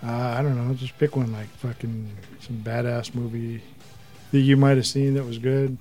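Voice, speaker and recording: A man's voice: medium pitch, level tone, moderate pace, mellow, soft background music. A man co-hosting a podcast, making crude jokes, often mumbling and trailing off. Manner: mumbling, trailing off, joking asides. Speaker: podcast co-host. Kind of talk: crude casual banter.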